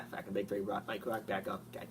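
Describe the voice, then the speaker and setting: A man's voice: fairly low pitch, flat delivery, quick pace, over music. A man talking as an interviewed sports fan, crude and constantly swearing. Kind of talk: casual mock interview. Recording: distant mic with clear ambience.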